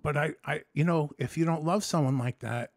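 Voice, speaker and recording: A man in a candid personal vlog who tells his story with emotion and rambles through many restarts and swear words. He swings between excited storytelling and low, quiet reflection. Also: a little fast, no echo, clean studio sound. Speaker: vlogger.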